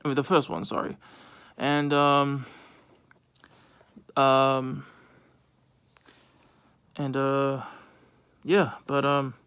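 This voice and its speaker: A man's voice: medium pitch, completely flat delivery, very slow, long pauses, a bit bright, clear, resonant tone. A man giving casual movie thoughts in a vlog, rambling with lots of fillers and restarts. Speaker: movie reviewer.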